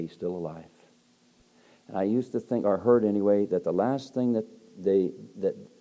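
Low, mellow older male preacher. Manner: emphatic, swings between loud emphasis and soft hushed storytelling. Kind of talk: evangelistic sermon.

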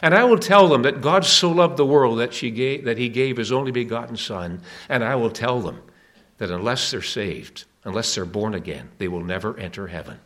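A man's voice: mid-range voice, lively intonation, normal speed, a bit bright. A man preaching an evangelistic sermon at a church meeting, earnest and urging, with emphatic questions to the listeners.

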